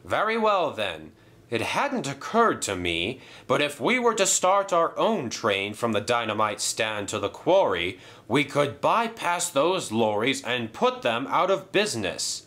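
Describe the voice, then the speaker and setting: A man's voice: mid-range voice, sing-song, unhurried, sharp tone. A man voicing a formal, pompous middle-aged railway controller.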